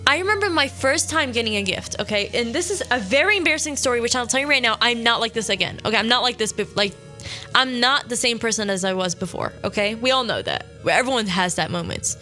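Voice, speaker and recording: A woman's voice: on the high side, pushed and bright. A young woman hosting a radio show, telling a personal story in a casual, rambling way, correcting herself often and sniffling now and then. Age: young adult. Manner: chatty, rambling, self-correcting, many "like"s.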